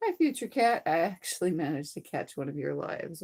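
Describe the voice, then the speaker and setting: A hoarse woman chatting casually on a livestream from her sewing room, rambling and greeting viewers as she reads out their comments. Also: sits low, sing-song, brisk, a little mellow. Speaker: live streamer.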